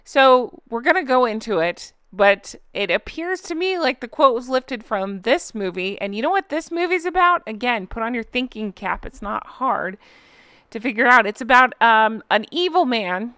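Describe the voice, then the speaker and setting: A woman's voice: on the high side, animated, normal speed, bright, forceful tone, clear, resonant tone, no echo, studio quality. A woman in her thirties with a Southern American accent, hosting a casual commentary video in a sarcastic, incredulous, chatty way. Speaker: commentary channel host.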